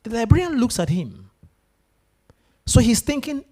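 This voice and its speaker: Lively, animated male motivational speaker. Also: very high voice, a little fast, long pauses. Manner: animated, asks the room questions. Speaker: guest speaker. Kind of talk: motivational talk to students. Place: lecture room with an audience.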